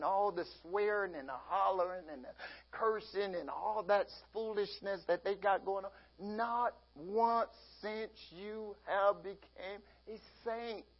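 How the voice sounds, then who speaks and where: A man's voice: high voice, breathy edge, muffled recording. A man preaching a sermon as pastor, folksy and often laughing as he acts out everyday scenes.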